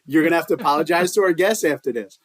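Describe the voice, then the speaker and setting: A man's voice: a little high, very fast. A man hosting a podcast in a jokey, playful way, laughing often as he chats with guests. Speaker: podcast host. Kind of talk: casual podcast chat.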